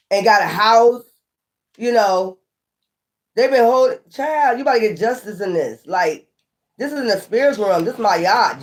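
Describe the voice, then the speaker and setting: A woman giving a casual, animated tarot reading, often scolding and repeating herself. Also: medium pitch. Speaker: tarot reader.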